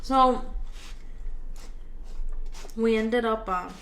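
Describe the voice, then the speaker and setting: A woman's voice: on the high side, extremely slow, fairly bright tone. A young adult woman telling a personal story in a casual vlog, chatty and full of fillers. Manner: chatty, filler-heavy, acts out quoted dialogue. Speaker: vlogger. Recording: roomy with faint background noise.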